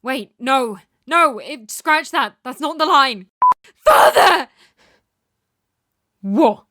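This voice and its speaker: A woman's voice: high-pitched, expressive, takes it slowly, bright, forceful tone, dry recording, studio quality. A woman voice actor chatting casually between takes at home, giggly and self-mocking, a little teary. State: teary from emotional scenes. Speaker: voice actor in a fan audio drama. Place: home recording setup at night.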